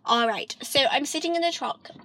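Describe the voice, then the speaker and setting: Young woman, from Michigan, casual vlog chat, rambling with ums, slightly high voice, dry close recording. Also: normal speed, bright, forceful tone, dry recording. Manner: rambling, lots of ums, slips into a British-sounding lilt. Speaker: vlogger.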